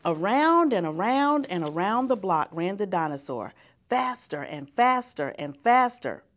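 A woman reading a children's picture book aloud as a guest reader, in an expressive storytelling manner. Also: mid-range voice, measured pace.

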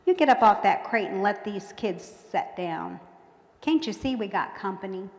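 Woman reading as a gruff big hobo. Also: medium pitch, expressive, moderate pace. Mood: gruff friendly. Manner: gruff, folksy rural speech. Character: big gruff male hobo, middle-aged, rough but kind. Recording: echoey hall with long reverb.

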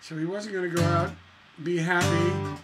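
A man's voice: sits high, level tone, moderate pace, poor audio. A man teaching songwriting in a casual lesson, musing aloud as he works through chords on guitar. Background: acoustic guitar playing.

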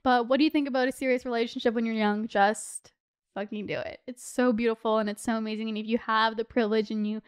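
A woman's voice: on the high side, level tone, fast, hardly any pauses, clean tone, dry recording, clean studio sound. A woman in her twenties hosting a podcast, giving casual heartfelt advice with lots of "like" and "you know". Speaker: podcast host.

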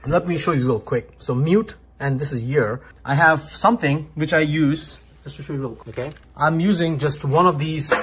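A young man casually walking through the controls of an audio mixer, chatty and peppered with quick "okay?" and "right?" check-ins. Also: on the high side, fairly bright tone, breathy edge. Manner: chatty, talks while pointing at controls, many "okay?" and "right?" tags. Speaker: gear reviewer. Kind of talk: casual product demo.

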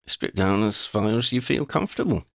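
A man's voice: fairly low pitch, big pitch swings, vocal fry, a bit bright, dry recording, clean studio sound, pitched above the performer's own voice, heavily acted. Oddie, a man voicing a tactful young wizard. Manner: polite, measured, tactful. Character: polite careful young wizard, thoughtful.

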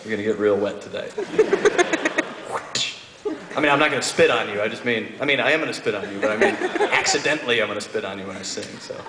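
A man's voice: on the low side, fast talker, pauses often. Guy doing stand-up on a big stage, sick and coughy, rambles and cracks himself up, roomy far-off hall sound, lots of noise. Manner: rambling, self-mocking, bursts of laughter. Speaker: stand-up comedian. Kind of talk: live stand-up banter. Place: large concert hall stage. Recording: echoey live hall from a distance.

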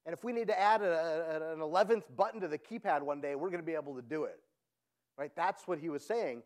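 An energetic man delivers a tech conference keynote, often asking the audience "right?" His high-pitched voice is lively and persuasive, and he talks fast.

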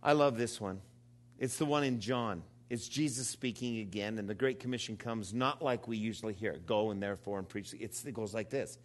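A man in his fifties preaching a sermon, calling on the congregation to respond, dropping to low murmurs and rising to loud, high exclamations. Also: normal speed. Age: 50s. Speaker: pastor.

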